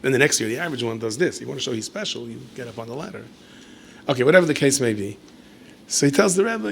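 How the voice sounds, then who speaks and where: A man's voice: mid-range voice, expressive, quick pace, creaky. A man, a rabbi, telling a story in a lecture with playful asides and acted dialogue.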